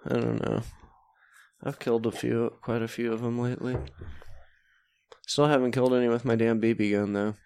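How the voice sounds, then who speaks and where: A man's voice: medium pitch, little pitch movement, moderate pace, gravelly, pauses often, a little mellow, slight background noise. A man co-hosting a podcast, chatting casually with a rambling, laid-back manner and humming bits of tunes. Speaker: podcast co-host. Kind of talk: casual chat.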